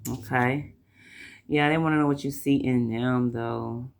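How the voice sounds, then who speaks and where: A man with a Southern US accent giving a casual tarot reading. He rambles, keeps repeating himself, and slows right down to draw out the messages he reads from the cards. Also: medium pitch, fairly even intonation, creaky. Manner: rambling, repeats "like I said" and "you know". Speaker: tarot reader.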